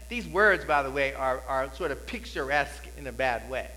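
A male pastor preaching a sermon in a conversational style, building to loud, repeated cries. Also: mid-range voice, normal speed, hardly any pauses, big-room sound.

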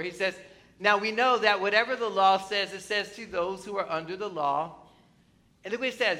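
Bright-voiced male preacher. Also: sits high. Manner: emphatic, conversational, asks the congregation questions. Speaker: pastor. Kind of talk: sermon. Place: church.

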